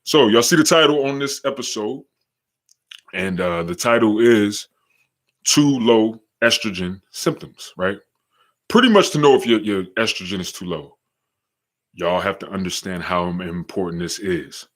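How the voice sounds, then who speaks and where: A young man with a slight New York accent, hosting a casual live-stream podcast, slangy and hyped, shouting out viewers in the chat. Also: on the low side, lively intonation, normal speed. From Charlotte, North Carolina. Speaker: podcast host.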